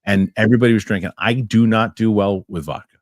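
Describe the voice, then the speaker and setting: A middle-aged man hosting a casual talk show, telling stories and reading viewer messages with animated, excitable delivery. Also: on the low side, fast, no echo, clean studio sound. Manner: animated storytelling, excitable rants. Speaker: show host. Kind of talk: casual chat.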